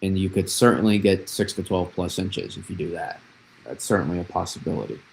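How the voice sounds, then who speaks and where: A man's voice: low-pitched, fairly quick, vocal fry, darkish tone, slight background noise. A young man from New England hosting a live weather stream, rambling through the forecast, repeating himself and answering chat questions as he goes. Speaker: weather livestream host. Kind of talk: casual livestream weather analysis.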